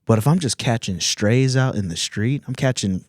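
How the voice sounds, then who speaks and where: A man's voice: mid-range voice, moderate pace, darkish tone, no echo, clean studio sound. A man from Virginia, a comedian hosting a podcast, telling rambling, profane stories in casual chat and laughing often.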